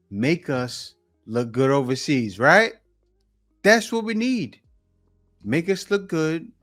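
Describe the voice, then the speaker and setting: A man hosting a commentary video, reacting to clips in an animated, preachy way. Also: medium pitch. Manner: animated, preachy, slow and emphatic. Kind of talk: casual commentary.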